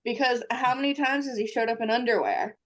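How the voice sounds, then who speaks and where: A woman's voice: a little high, a little fast. A woman co-hosting a podcast, chatting casually in a blunt, playful way and swearing now and then. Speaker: podcast co-host. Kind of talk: casual chat.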